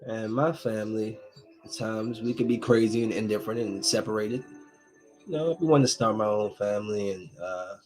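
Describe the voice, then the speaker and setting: A man's voice: on the low side, moderate pace, darkish tone, faint music behind. A man hosting a casual solo podcast, rambling and laughing as he talks to viewers. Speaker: podcast host.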